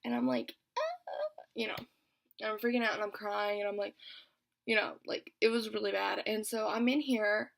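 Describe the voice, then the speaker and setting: A woman's voice: medium pitch, lively intonation, a little fast, vocal fry, fairly bright tone. A young woman telling a storytime vlog in a chatty way, filling almost every phrase with "like". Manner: chatty, says "like" constantly. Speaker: vlogger.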